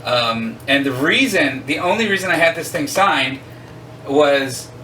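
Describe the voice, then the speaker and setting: A man's voice: a little high, animated, unhurried, bright, forceful tone, recorded from a distance, a little hiss or hum, low-quality recording. Enthusiastic, rambling middle-aged man. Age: 40s. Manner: enthusiastic, rambling, self-deprecating. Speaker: host showing his collection. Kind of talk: casual chat. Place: home room with arcade cabinets.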